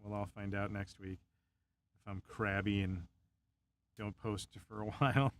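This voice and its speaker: A man's voice: lowish voice, level tone, measured pace, a bit bright. A young man on a casual live stream, chatting in a laid-back way, chuckling often and muttering to himself as he builds a model.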